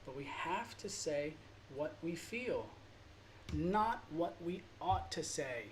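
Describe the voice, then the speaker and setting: A man's voice: fairly high pitch, animated, slow, a little hiss or hum. A man teaching a drawing lesson, talking in an earnest, emotional and rambling way. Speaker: art teacher. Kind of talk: informal drawing lesson monologue.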